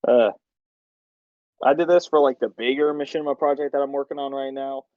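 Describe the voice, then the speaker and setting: A man's voice: medium pitch, steady tone, brisk, no room sound. Dude explaining his machinima scenes, keeps cracking up, dull dry lo-fi audio. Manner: rambling, laughing as he explains scenes. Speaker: machinima director and writer. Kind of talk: casual directing chat.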